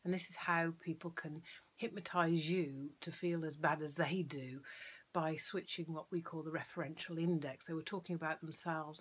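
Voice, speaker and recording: Soft-spoken woman hypnotherapist, husky. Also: sits low, steady tone, moderate pace. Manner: soft, often half-whispered delivery; plays with tone and downward inflections. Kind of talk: explanatory talk.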